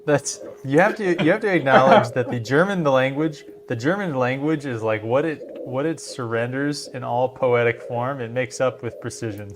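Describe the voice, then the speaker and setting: A man in easygoing chat with friends who rambles, restarts his sentences and laughs often. His voice sits at a middle pitch. There is a clear hiss of noise behind him. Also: moderate pace, hardly any pauses. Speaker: podcast host. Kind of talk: casual chat.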